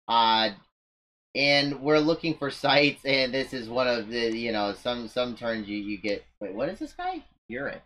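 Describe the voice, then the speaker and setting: A man's voice: mid-range voice, very animated, a little slow, sharp tone, slight background noise. A man giving casual commentary on his strategy game, rambling and poking fun at his own moves. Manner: rambling, self-mocking, often restarts sentences. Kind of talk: casual let's-play commentary.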